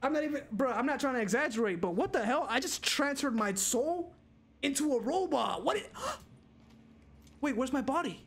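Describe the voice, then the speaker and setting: A young man streaming a zombie game, reacting loudly with gasps and exclamations. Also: extremely high pitch, brisk, creaky. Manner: excitable, loud reactions, frequent gasps. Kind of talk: live gameplay commentary.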